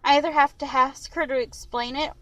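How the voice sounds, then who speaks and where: A woman reading a first-person novel aloud in an expressive, lively way. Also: high voice, a little fast, no echo, rough recording. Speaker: audiobook reader.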